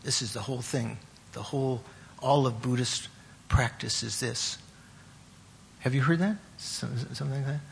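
A man with a gravelly, mid-range voice leads a class on Buddhist meditation and terminology. He stops frequently, says words again, and questions his students, with a slight hiss or hum in the audio.

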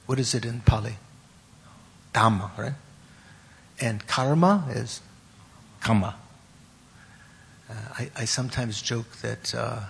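A man teaching a class on Buddhist meditation and terms, pausing often, repeating words and putting questions to his students. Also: medium pitch, vocal fry, a little hiss or hum.

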